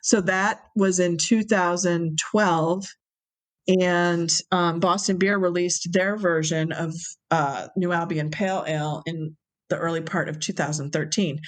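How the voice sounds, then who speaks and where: A woman being interviewed, telling a long story in a relaxed, chatty way. Her voice sits a little low, and she livens up whenever she acts out what others said. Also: normal speed. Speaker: interview guest, brewery owner.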